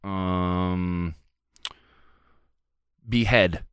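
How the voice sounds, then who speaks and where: Male host, playful teasing banter, lowish voice, smooth clear tone, dry studio sound. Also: steady tone, extremely slow, no room sound. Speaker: show host. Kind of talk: casual comedic banter.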